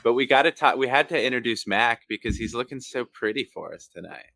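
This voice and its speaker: A man's voice: medium pitch, animated, brisk, vocal fry, pushed and bright, no echo. A man co-hosting a casual podcast, joking around in playful banter. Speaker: podcast co-host.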